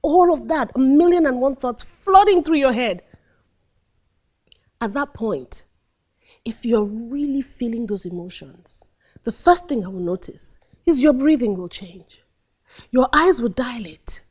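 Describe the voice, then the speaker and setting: A woman acting coach talking through a scene, acting out lines and dropping to hushed tones. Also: on the high side, measured pace. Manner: animated, acts out scenes, drops to hushed tones. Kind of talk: teaching monologue with acted examples.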